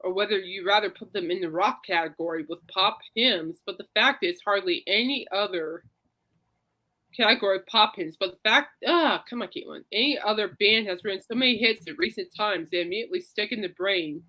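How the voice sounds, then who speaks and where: A woman's voice: medium pitch, fairly quick, bright, forceful tone, poor audio. A woman hosting a casual podcast, chatty and reassuring, rambling between topics. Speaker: podcast host. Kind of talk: casual chat.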